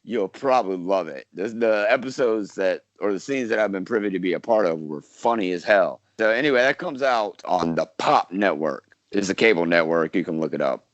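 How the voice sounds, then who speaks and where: Low-voiced man rambling through an interview. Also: animated, normal speed, hardly any pauses, no echo, muffled recording. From South Carolina, US. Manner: rambling, many fillers and restarts. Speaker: actor, podcast guest. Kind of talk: casual interview chat.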